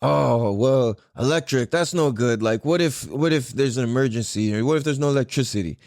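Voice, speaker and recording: A man's voice: mid-range voice, fairly quick, a little mellow, no echo, studio quality, close to an everyday voice. A man doing a nagging skeptical old dad. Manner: fussy, fault-finding. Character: older father, nagging and skeptical. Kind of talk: retold quote in a podcast story.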